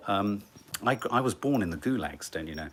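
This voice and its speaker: A man's voice: lowish voice, lively intonation, fairly quick. A man co-hosting a casual live family stream, playful and drawing out his questions to viewers. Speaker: co-host.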